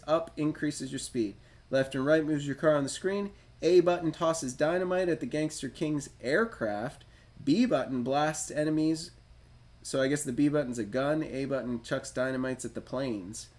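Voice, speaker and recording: A man's voice: mid-range voice, darkish tone. A man hosting a retro gaming livestream, reading a game manual aloud and riffing on it in a chatty, self-deprecating way. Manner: chatty, self-deprecating, reads instructions then riffs on them.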